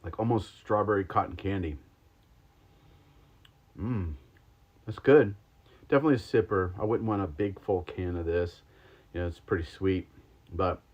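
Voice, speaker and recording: A man hosting a livestream, chatting casually and rambling with lots of ums and likes while taste-testing sodas. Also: low-pitched. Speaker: podcast host. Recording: slightly dull lo-fi stream audio.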